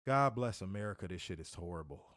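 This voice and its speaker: A man's voice: deep voice, animated, quick pace, a bit bright, no room sound, clean studio sound. A man co-hosting a wrestling review in casual chat, sarcastic and exasperated, often restarting his sentences. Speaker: wrestling show co-host.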